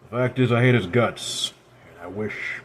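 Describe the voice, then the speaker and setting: An actor playing a weary male detective who talks in a gruff, blunt way and swears. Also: medium pitch, normal speed, a little hiss or hum, natural voice.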